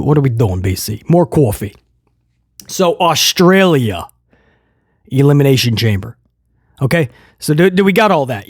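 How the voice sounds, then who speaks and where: A man hosting a wrestling news show, talking casually to viewers in an excitable, rambling way with jokey asides. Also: mid-range voice, dry recording, studio quality.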